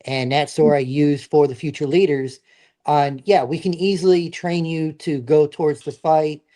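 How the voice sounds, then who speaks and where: A man's voice: on the high side, steady tone, normal speed, warm tone. A middle-aged man, a veteran guest, telling his stories in a casual, earnest, plain-spoken way. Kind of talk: casual storytelling.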